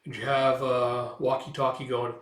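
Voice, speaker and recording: A man's voice: medium pitch, level tone, normal speed, fairly bright tone, echoey room. A man reading through a comic book aloud in a casual, loose way, paraphrasing the dialogue with fillers.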